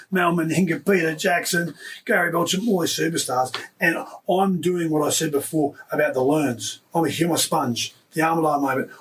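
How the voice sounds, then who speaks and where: A man in his fifties recounts his playing days, his voice sitting a bit higher than most men's. He talks in an emotional, animated rush, full of restarts. The mic sits slightly away from him. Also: recorded from a distance, poor audio. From Australia. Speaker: guest, former rugby league player. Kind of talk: casual storytelling interview.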